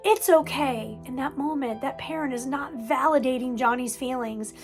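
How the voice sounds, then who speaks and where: A woman's voice: sits high, fairly even intonation, normal speed, soft background music. A woman therapist giving earnest advice to parents, repeating words for emphasis. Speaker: family therapist.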